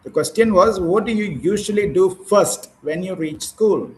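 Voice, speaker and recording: Man, Indian English accent, teacher trainer, patient questioning, slightly high voice, faint background noise. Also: moderate pace, poor audio. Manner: patient, questioning, corrects pronunciation. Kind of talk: online speaking practice session.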